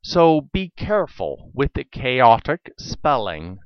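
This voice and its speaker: Slow, smooth-voiced man teaching spelling. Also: mid-range voice, very animated, no room sound, muffled recording. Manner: slow, deliberate, spells letters out one by one. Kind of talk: scripted lesson narration.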